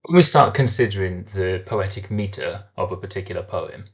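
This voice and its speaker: Man teaching literature, low voice, explains step by step, dull lo-fi recording. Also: a bit bright. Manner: explains step by step, slows down to sound out syllables. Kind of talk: recorded lesson.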